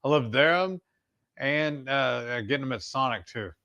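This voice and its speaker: A man's voice: medium pitch, measured pace, bright, forceful tone. Man making dry joking asides. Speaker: co-host of a live cooking stream. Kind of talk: casual chat.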